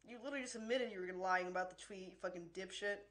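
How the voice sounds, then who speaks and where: A woman's voice: mid-range voice, fast, background noise. A woman streamer in an angry livestream rant, swearing constantly and sounding exasperated and worn out.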